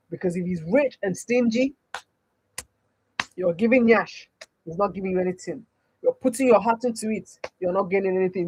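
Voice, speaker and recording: A woman's voice: mid-range voice, a little mellow, slightly rough, no room sound, rough recording. A woman with a Nigerian accent, a dating coach answering chat questions on a livestream, emphatic and full of rhetorical questions.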